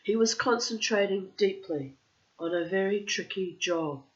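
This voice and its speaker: A woman's voice: mid-range voice, unhurried. A woman telling a story aloud, with chatty, self-mocking personal asides. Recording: dull lo-fi recording.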